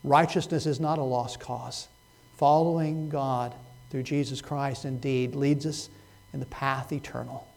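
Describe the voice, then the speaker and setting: A man preaching a Sunday sermon as pastor, swinging from loud, pleading cries to hushed, soft words. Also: mid-range voice, fairly even intonation, a little slow, creaky, rough recording.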